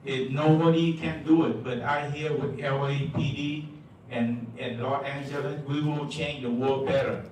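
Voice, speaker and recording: Stumbling and repeating himself in broken English, a man speaks during the public comment portion of a meeting. He sounds far away in a big, reverberant hall, with steady noise beneath his mid-range voice.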